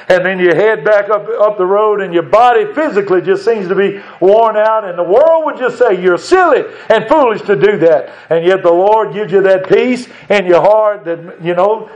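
A man's voice: high voice, darkish tone. A man preaching a folksy church sermon, talking conversationally and asking the congregation rhetorical questions. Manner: conversational, asks rhetorical questions, chuckles now and then. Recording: dull lo-fi church recording.

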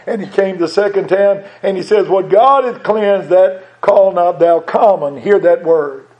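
High-voiced folksy preacher. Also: male voice, dark tone. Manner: folksy preaching, repeats phrases for emphasis. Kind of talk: sermon. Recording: dull lo-fi sound.

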